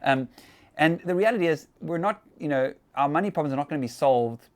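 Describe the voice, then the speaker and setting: A man's voice: a little high, expressive, fairly quick. A man hosting a casual church talk, chatty and conversational with fillers and laughs.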